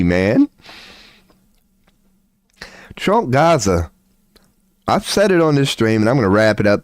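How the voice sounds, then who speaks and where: Excitable, profane man ranting on stream. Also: no echo, studio quality. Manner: excitable, profane, rambling with big swings in pitch. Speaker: streamer offering tarot readings. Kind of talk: casual livestream rant.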